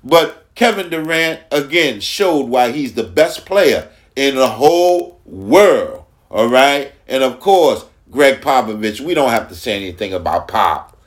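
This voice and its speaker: A man's voice: medium pitch, expressive, unhurried. A man hosting a casual sports talk podcast, speaking emphatically and repeating phrases for effect. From Long Island, New York. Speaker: podcast host.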